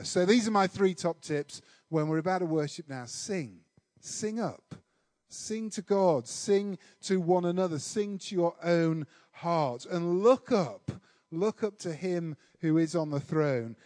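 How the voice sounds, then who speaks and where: Man, high-pitched voice, dry close sound, lively self-deprecating storytelling, sermon. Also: no echo. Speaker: preacher.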